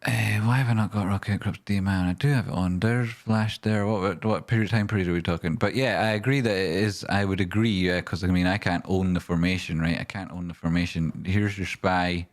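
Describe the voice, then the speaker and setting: Low-voiced man ranting on a livestream. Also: fairly even intonation, brisk, hardly any pauses. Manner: ranting and swearing, then rambling while walking through charts. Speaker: livestream host and stock chart analyst. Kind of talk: casual livestream chat, reading viewer questions.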